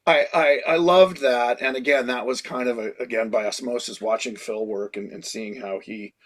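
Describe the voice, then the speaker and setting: A man in his sixties, a guest in a casual interview, telling animated stories and laughing often. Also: medium pitch, normal speed. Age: 60s. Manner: animated storyteller who laughs often and acts out quotes. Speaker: guest creature designer.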